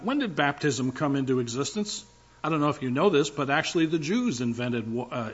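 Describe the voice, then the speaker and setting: A man's voice: fairly high pitch, muffled recording. An older male pastor preaching a sermon in a conversational, emphatic way, with asides to the congregation.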